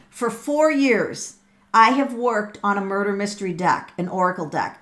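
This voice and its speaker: A middle-aged woman hosting a live tarot reading, excitable and thinking aloud with frequent ums and repeated words. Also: mid-range voice, moderate pace. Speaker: tarot reader and livestream host.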